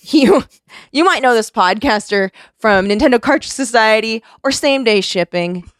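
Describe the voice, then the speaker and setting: A woman hosting a podcast, talking in loose, animated chat that swings all over her range. Her voice sits close and dry on the mic, with no room sound. She swears freely and laughs easily. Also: on the high side, normal speed, dry recording. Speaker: podcast host. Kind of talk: casual chat.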